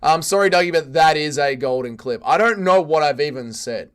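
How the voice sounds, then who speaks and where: A man hosting a casual livestream, reading chat and firing back crude jokes as he rambles. His voice sits a little higher than most men's, and he talks in a loose, offhand way. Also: expressive, fairly quick, smooth. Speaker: streamer host reading chat.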